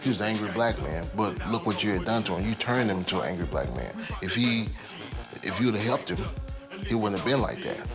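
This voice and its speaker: A man's voice: on the low side, lively intonation, fairly quick, over music. A man speaking earnestly in a documentary interview about a local rapper.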